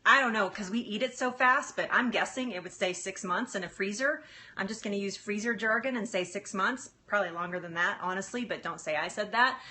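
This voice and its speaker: Bright-voiced chatty woman live-streaming. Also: mid-range voice, a little fast, slight background noise. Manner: chatty, laughs often, warm-hearted and easily moved. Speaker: health coach. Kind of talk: live-stream chat answering viewers. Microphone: phone.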